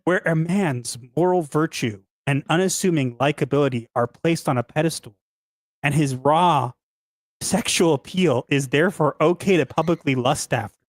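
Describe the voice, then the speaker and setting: A woman's voice: low voice, moderate pace, no room sound. A woman co-hosting a podcast, reading a prepared essay aloud after trading teasing back-and-forth with her co-host.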